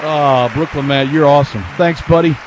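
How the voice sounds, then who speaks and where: A man's voice: fairly high pitch, steady tone, moderate pace, a faint crowd, a little hiss or hum. Laughing male sports radio host. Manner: laughs a lot, reads aloud with gusto. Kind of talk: casual radio banter, reading listener email.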